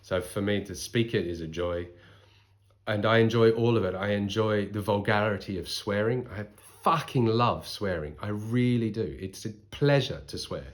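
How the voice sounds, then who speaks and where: A man in his forties with a softened Australian accent, giving thoughtful, articulate interview answers. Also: lowish voice, moderate pace. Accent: Australian, softened by voice training. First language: English. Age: 40s. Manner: thoughtful, articulate, lively with restarts.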